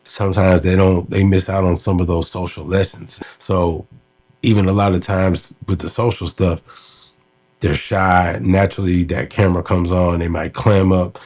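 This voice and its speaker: A man's voice: low voice, level tone, moderate pace, a little mellow. A man casually recalling an interview he did, talking loosely with many fillers. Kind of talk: casual storytelling commentary.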